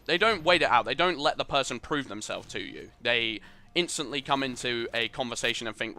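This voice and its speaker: A man's voice: mid-range voice, lively intonation, brisk, bright, forceful tone. A young man giving earnest, rambling voice-over commentary over gameplay, opinionated and full of fillers. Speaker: gaming channel host.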